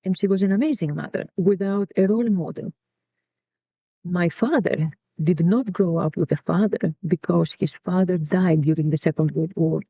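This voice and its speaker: A woman's voice: lowish voice, moderate pace, dark tone, breathy edge, no room sound. A middle-aged woman from Greece, telling family stories in an interview, reflective and repeating words as she searches for them. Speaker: podcast guest and co-founder. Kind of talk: personal storytelling in an interview. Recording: dull lo-fi dry recording.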